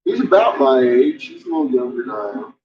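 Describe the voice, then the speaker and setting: A man of ordinary pitch spins loose, swear-filled stories in a relaxed chat, often breaking into laughter. The sound is muffled and lo-fi, like cheap stream audio. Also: fairly quick. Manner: heavy swearing, laughs between remarks. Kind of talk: rambling casual storytelling.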